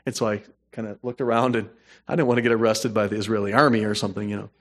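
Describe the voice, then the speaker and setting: A man preaching a sermon, moving between hushed storytelling and emphatic, rising points. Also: on the low side, fairly even intonation, racing. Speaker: pastor.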